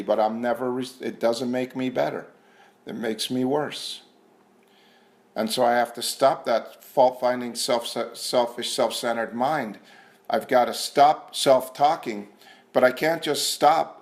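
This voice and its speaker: Earnest man sharing at a recovery meeting. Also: mid-range voice. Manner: earnest, conversational, self-questioning. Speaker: AA meeting speaker. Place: meeting room.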